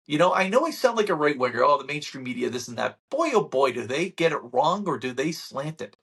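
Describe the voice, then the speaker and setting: Husky-voiced man ranting to camera. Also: on the high side, fairly quick, few pauses. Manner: animated ranting, sarcastic mock quotes. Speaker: real estate channel host. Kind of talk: casual market-update talk to camera.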